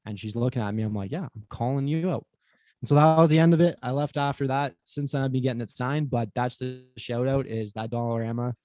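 A man as a podcast guest, swearing freely while he tells an animated story about his job. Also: mid-range voice, a little fast, dry recording. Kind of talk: casual podcast chat.

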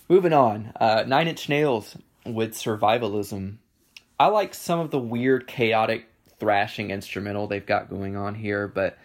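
Gravelly, hesitant man reviewing songs. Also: lowish voice. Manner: casual, hesitant, many ums and restarts. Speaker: music reviewer. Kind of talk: casual solo commentary.

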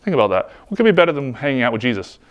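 A man's voice: medium pitch, big pitch swings, rapid-fire, clean tone, muffled recording. A man sharing his personal faith testimony in an earnest, heartfelt way, often filling his talk with "like". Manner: earnest, heartfelt, frequent "like" fillers. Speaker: speaker giving a personal testimony.

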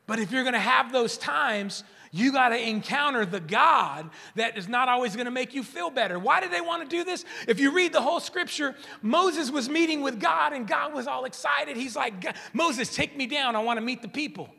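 A man preaching a sermon as pastor in a church, animated and joking, acting out the voices of churchgoers. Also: very high voice, normal speed, vocal fry, hardly any pauses. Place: church hall. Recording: long church reverb.

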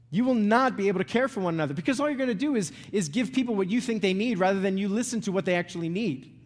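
Man, middle-aged, pastor, conversational sermon, restarts phrases, long hall echo. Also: sits high. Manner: conversational, asks "right?" and "okay?" often; repeats words and restarts phrases. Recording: long reverb of a large hall.

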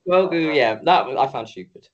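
A man's voice: on the high side, lively intonation, brisk, dull audio. Young man, from the UK, podcast co-host, casual, jokey, rambling, tired. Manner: jokey, rambling, swears, mock announcer bits. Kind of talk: casual chat.

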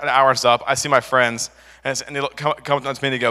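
A man's voice: medium pitch, flat delivery, fast talker, bright, forceful tone, long reverb tail. A young man preaching a casual sermon, rambling through a personal story with fillers and restarts. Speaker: youth preacher.

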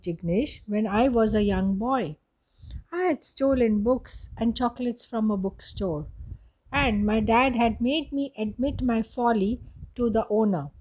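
A woman voicing a stern but caring middle-aged father in a read-aloud story, speaking firmly and slowly. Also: on the high side, darkish tone, low-quality recording.

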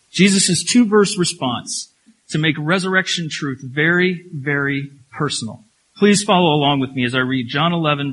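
Pastor guy preaching, kinda high voice, repeats stuff for emphasis, lots of rhetorical questions. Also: fairly bright tone, low-quality recording. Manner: slows down when reading scripture. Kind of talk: sermon.

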